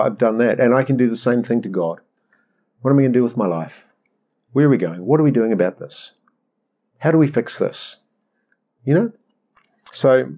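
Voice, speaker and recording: A middle-aged man preaching a conversational sermon, animated and rambling as he acts out prayers. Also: medium pitch. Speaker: pastor.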